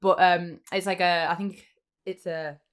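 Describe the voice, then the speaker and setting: Brief: woman, low-pitched, casual podcast co-host, rambling chatty delivery. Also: little pitch movement, measured pace, smooth. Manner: chatty, many "like" fillers, quotes scenes in little voices. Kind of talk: casual chat.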